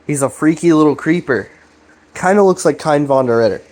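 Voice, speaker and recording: This host speaks fairly quickly in a higher voice with a darkish tone. He recaps a video series loosely and profanely, often starting over mid-thought.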